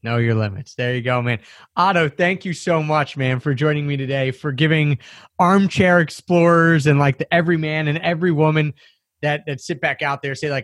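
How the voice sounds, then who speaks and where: A man's voice: on the high side, moderate pace, fairly bright tone, no echo, studio quality. A male podcast host thanking his guest and wrapping up in an upbeat, encouraging way. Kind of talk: casual interview chat.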